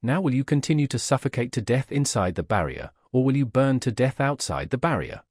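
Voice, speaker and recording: A man's voice: medium pitch, very animated, brisk, breathy edge, no echo, clean studio sound. A man reading as a gloating sadistic young mage. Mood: taunting. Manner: taunting, boastful.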